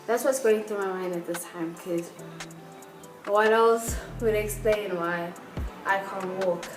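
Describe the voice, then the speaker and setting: A young adult woman, telling a personal story in a candid, emotional vlog, with lots of 'like' and 'you know'. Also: mid-range voice. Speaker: vlogger. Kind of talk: storytime vlog, casual chat. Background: background music.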